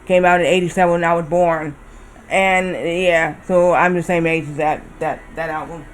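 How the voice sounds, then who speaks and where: A man's voice: a little high, steady tone, moderate pace, slight background noise. A man in his thirties chatting casually while streaming a game, rambling and often correcting himself. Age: 30s. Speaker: livestreamer.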